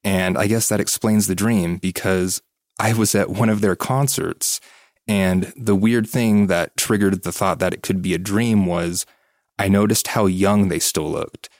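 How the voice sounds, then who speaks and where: Deep-voiced man with wry humor. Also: steady tone, unhurried, no echo, clean studio sound. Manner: easygoing storyteller, wry humor. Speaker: podcast co-host. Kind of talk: casual chat.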